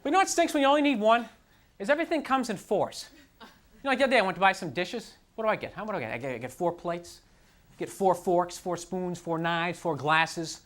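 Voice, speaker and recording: A man performing a stand-up comedy routine on a club stage, ranting in an animated, self-deprecating way into a handheld mic. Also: high-pitched, quick pace. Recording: live club recording with audience noise.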